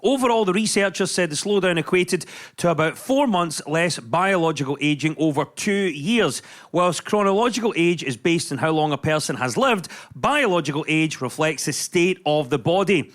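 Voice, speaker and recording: High-voiced male comedy quiz host. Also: lively intonation, fairly bright tone. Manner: brisk, bantering. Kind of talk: comedy panel show hosting.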